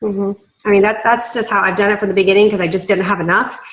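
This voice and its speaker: A woman's voice: mid-range voice, steady tone, fast, a little hiss or hum, rough recording. A woman leading a casual sales training on a video call, chatty and full of fillers, laughing easily. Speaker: team leader giving sales training.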